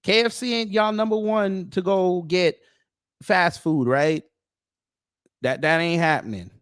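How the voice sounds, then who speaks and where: A man's voice: high-pitched, a little slow, a bit bright, clear, resonant tone, no echo, studio quality. A man from the United States giving a reaction commentary, incredulous and mocking as he talks. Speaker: YouTube commentator.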